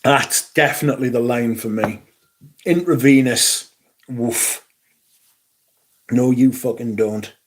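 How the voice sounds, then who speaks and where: A man's voice: medium pitch, takes it slowly, long pauses. Middle-aged man, livestream host, sweary and rambling. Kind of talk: casual livestream chat.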